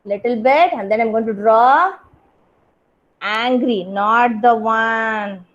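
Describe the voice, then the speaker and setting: A woman's voice: on the high side, takes it slowly, highs cut off. A young woman with an Indian English accent, teaching a kindergarten craft class over a video call and praising each child by name. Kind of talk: online class instruction.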